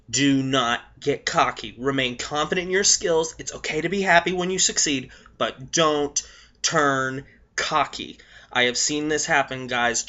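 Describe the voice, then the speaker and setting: A hoarse young man giving blunt, profane tips to his viewers in a casual vlog, coughing between points. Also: mid-range voice, sharp tone. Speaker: vlogger. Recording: dull lo-fi recording.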